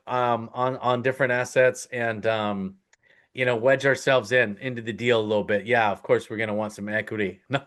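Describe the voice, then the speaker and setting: A man's voice: medium pitch, a bit bright. Casual man teaching a live webinar. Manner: casual, conversational, with frequent "right?" check-ins; emphatic, direct advice. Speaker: host teaching real estate investing.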